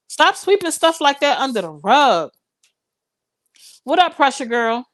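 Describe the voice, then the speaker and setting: A woman's voice: sits high, big pitch swings, unhurried, fairly bright tone. Impassioned woman hosting a live stream. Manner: impassioned, preachy, talks straight to viewers. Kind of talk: casual live-stream commentary.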